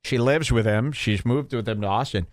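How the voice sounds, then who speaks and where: A man's voice: mid-range voice, moderate pace, no echo, studio quality. A man hosting a podcast, ranting in a sarcastic, exaggerated way. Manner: sarcastic, exaggerated mock voices. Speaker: podcast host. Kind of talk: ranting comedic podcast talk.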